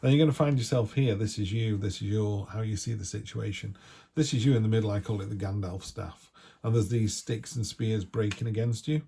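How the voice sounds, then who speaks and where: Male tarot reader from the United Kingdom, gravelly and husky, chatty with playful asides. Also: lowish voice, brisk, dark tone. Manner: chatty, jokey, acts out little voices. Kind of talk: casual tarot reading.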